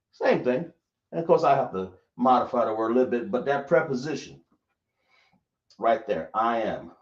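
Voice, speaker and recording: A man teaching a language lesson, speaking slowly and often checking whether his listeners understand. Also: mid-range voice. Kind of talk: classroom lesson. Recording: echoey room, dull lo-fi sound.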